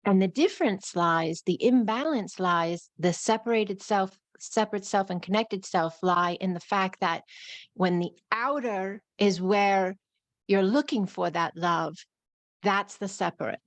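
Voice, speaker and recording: A woman's voice: medium pitch, unhurried, dry recording. Woman with a New York accent, teaching spirituality. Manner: flowing, repetitive spiritual phrasing. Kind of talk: live-streamed talk.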